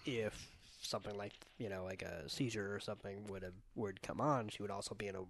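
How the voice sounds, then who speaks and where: Low-voiced man in casual film chat. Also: steady tone, brisk, slight background noise. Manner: thoughtful, rambling with fillers. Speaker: podcast co-host.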